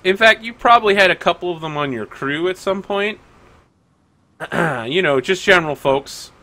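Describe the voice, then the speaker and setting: Bright-voiced male game master. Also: fairly high pitch. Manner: rambling, many likes. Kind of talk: narrating a tabletop game.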